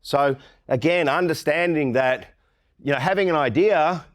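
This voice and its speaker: A man's voice: a little high, a little slow. A middle-aged Australian man giving a conference keynote talk, blunt and irreverent, often mimicking the people he mocks. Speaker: keynote speaker.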